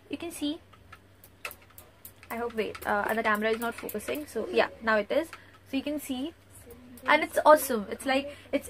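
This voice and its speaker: A young woman, chatting excitedly through a beauty product haul at home. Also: high voice, slight background noise. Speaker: beauty vlogger. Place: at home, near a bookcase.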